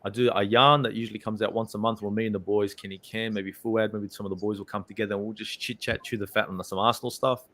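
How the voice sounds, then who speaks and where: A man's voice: lowish voice, little pitch movement, fast talker, hardly any pauses, a bit bright. A man with an Australian accent, a guest football channel host, joking and rambling in casual chat over a video call. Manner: joking, rambling, self-deprecating.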